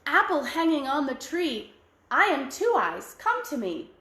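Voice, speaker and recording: Woman playing gentle young girl, soft, modest, roomy sound. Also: sits high, sing-song, measured pace, pitched above the performer's own voice, full character voice.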